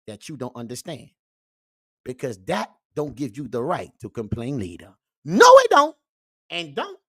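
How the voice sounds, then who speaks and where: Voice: medium pitch, fairly bright tone, dry recording, studio quality, full character voice. A performer playing a preachy male uncle who lectures on red-pill views, a comedic character monologue that keeps repeating "you see" and "baby". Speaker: host.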